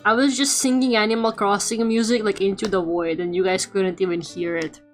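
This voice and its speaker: A woman's voice: medium pitch, fairly even intonation, brisk. A young woman streamer chatting casually and playfully while she draws, with lots of fillers and joking rants. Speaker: streamer and artist. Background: quiet game music playing.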